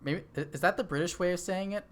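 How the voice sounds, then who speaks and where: Streaming a game, a man with a high voice talks fast into a desk microphone. He chats casually, thinks out loud, and responds to his chat as he plays.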